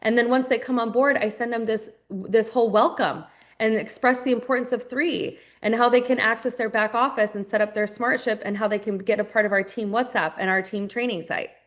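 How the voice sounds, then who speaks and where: A woman's voice: a little high, steady tone, fairly quick, fairly bright tone. A woman leading a live online training for new team members, upbeat and direct, talking to her listeners as "you guys" and repeating phrases for emphasis.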